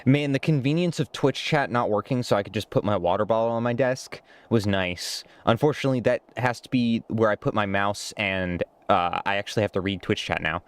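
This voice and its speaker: A man's voice: fairly low pitch, fairly quick, hardly any pauses, clear, resonant tone, no echo. A man streaming a game live, chatting in a self-deprecating way and laughing often.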